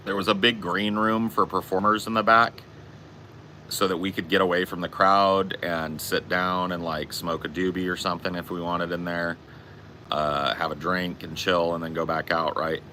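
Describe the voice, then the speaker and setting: Low bright-toned guy swearing through a story, faint noise behind. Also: moderate pace. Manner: swearing, animated anecdote-telling. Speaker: podcast host. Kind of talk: casual storytelling chat.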